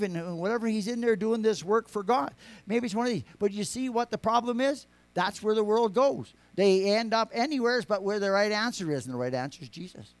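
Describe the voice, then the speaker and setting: A man preaching a sermon, rambling with many restarts, rising to emphatic lines and dropping to quiet asides. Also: high-pitched. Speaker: pastor.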